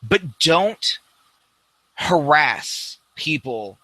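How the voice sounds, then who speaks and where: A man's voice: on the high side, sing-song, extremely slow, bright, forceful tone, no echo, rough recording. A man co-hosting a casual tabletop gaming podcast, telling game-table stories and mimicking players in raised voices. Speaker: podcast co-host and game master.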